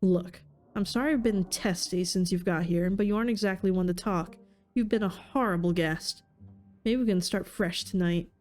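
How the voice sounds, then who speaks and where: A woman's voice: on the low side, moderate pace, darkish tone, faint music behind, natural voice. A woman reading the lines of a testy, standoffish young woman cousin in a game, with a curt, irritated manner.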